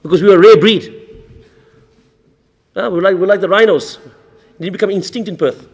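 A sheikh from Australia gives a mosque lecture, stacking rhetorical questions and repeating key lines. His high-pitched voice is brisk and a little mellow, trailing a long reverberant tail from the mosque hall.

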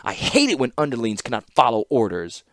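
A man voicing a cool, scheming young woman artificer in an audiobook reading, with crisp, guarded and sly delivery. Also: medium pitch, huge pitch swings, brisk, fairly bright tone, no echo, clean studio sound. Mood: cold. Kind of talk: audiobook character voice.

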